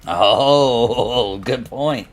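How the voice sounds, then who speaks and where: A man's voice: medium pitch, extremely slow. A man streaming a game live, chatting to his viewers and laughing often as he plays. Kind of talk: live gameplay commentary.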